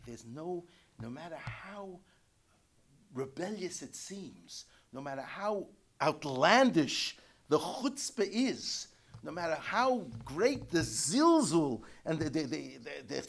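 A man teaching Torah commentary, chanting Hebrew quotes in an Ashkenazi Hebrew pronunciation and explaining them haltingly in English. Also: fairly high pitch, sing-song, vocal fry. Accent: Yiddish-inflected Ashkenazi Hebrew pronunciation.

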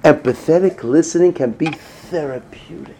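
A middle-aged man giving a sermon-style lecture, moving between hushed whispers and loud, emphatic lines. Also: fairly high pitch, moderate pace, slight background noise. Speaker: rabbi.

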